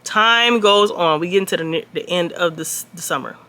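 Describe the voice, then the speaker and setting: A woman telling a personal story to her viewers in a casual vlog, blunt and profane, swinging between loud outbursts and quiet asides. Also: on the low side, moderate pace. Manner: animated, swings loud and soft.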